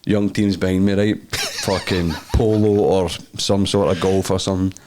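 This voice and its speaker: A young Scottish man with a very deep voice, co-hosting a podcast. He teases his friends and tells stories, swearing and laughing as he goes. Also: flat delivery, normal speed, darkish tone, a little hiss or hum. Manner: swearing, teasing, laughs a lot. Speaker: podcast co-host. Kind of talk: casual chat, storytelling.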